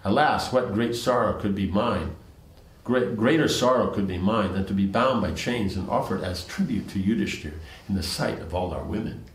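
A man reading the lines of a grieving, humiliated male prince, in a plain low reading voice. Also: normal speed, natural voice. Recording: roomy echo.

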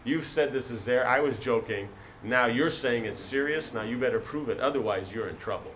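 Man playing an irritated king, stern and scolding, middle-pitched, faint noise behind. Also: a little fast, fairly bright tone, lightly acted, rough recording. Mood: annoyed. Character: irritated demanding male king.

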